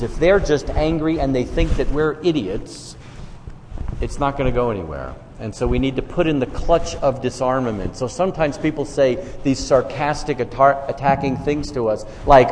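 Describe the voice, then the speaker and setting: A man's voice: medium pitch, darkish tone. A man from New York with a New York accent, telling stories to an audience in a self-deprecating, conversational way. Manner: self-deprecating, storytelling with quoted dialogue. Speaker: speaker on faith conversations. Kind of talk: talk to a live audience. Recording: long hall reverb, faint room noise.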